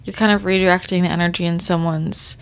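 A woman with a somewhat low voice hosts a casual podcast conversation. She asks curious questions and fills her speech with "like." She keeps it informal and easygoing. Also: fairly even intonation, fast talker, smooth.

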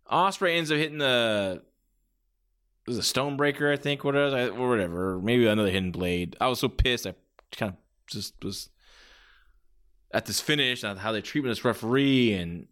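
A man hosting a podcast, reviewing in a casual, rambling way with lots of restarts. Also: mid-range voice. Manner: animated, rambling with many restarts. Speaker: podcast host.

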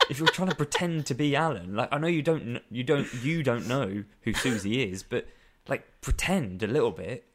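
A man's voice: mid-range voice, lively intonation, normal speed, few pauses, a bit bright, a little hiss or hum. A man co-hosting a casual chat, wry and exasperated, often laughing as he talks. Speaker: podcast co-host. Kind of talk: casual chat reviewing a film.

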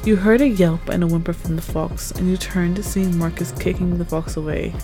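Woman narrator, slightly low voice, tense measured second-person storytelling over music. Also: fairly even intonation, warm tone, poor audio.

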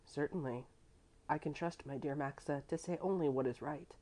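A woman reading the part of a grave, remorseful middle-aged baron in a quiet, lowered voice. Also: normal speed. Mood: trusting.

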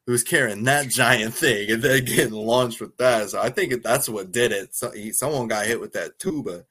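A man's voice: mid-range voice, moderate pace, sharp tone, breathy edge. A man co-hosting a podcast, chatting casually about a movie and chiming in with short remarks. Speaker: podcast co-host.

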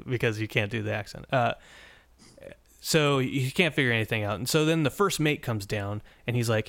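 A man's voice: mid-range voice, normal speed, a bit bright, dry recording. Rambling man recapping an old episode. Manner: rambling, many restarts and fillers. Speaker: podcast host.

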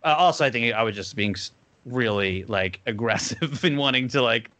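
A man's voice: mid-range voice, normal speed, pushed and bright. A man in his thirties from New Jersey, a podcast guest telling stories in a loose, rambling way full of fillers. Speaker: podcast guest, cartoon creator. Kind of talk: casual storytelling.

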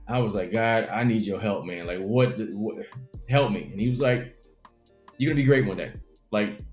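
A man's voice: mid-range voice, reverberant. A young adult man, a comedian, telling his life story in an interview and acting out the people in it. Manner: animated storyteller acting out quotes.

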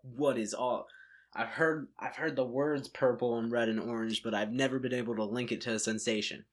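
A man's voice: mid-range voice, fairly even intonation, fairly quick. A man speaking as a podcast guest in casual chat, laid-back and full of slang.

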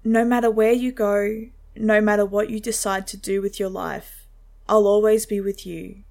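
A woman voicing a worried father who is a police officer, speaking in a low, solemn, urgent way in a spoken story. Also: level tone, moderate pace, vocal fry, a little mellow, natural voice. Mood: grave.

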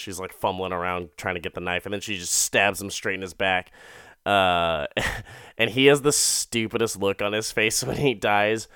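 A young man rambles through a loose, profane episode recap, acting out characters' lines in quick put-on voices. His voice sits low but sounds bright and forceful, smooth and clear. The sound is dry and close, with no room around it. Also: no room sound.

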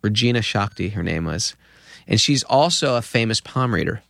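A man in his fifties, a podcast guest, telling an anecdote with lively acted-out quotes. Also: lowish voice, normal speed, gravelly, no room sound. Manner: lively storyteller acting out quoted voices. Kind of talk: anecdotal storytelling.

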